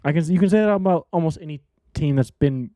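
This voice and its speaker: A man's voice: a little high, fast, dark tone, dry recording. A man hosting a casual solo sports betting podcast, blunt and rambling, repeating himself and swearing now and then.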